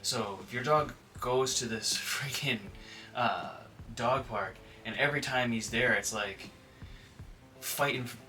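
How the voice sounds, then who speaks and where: Forceful, bright-voiced man talking casually. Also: medium pitch, unhurried, distant mic, faint music behind. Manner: conversational, frequent filler words, acts out quoted dogs and owners. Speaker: dog trainer. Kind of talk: casual talk to camera.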